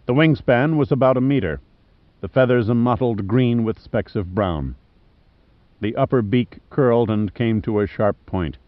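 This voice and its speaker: Low-voiced male audiobook narrator. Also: no echo. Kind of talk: scripted narration. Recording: slightly muffled dry studio.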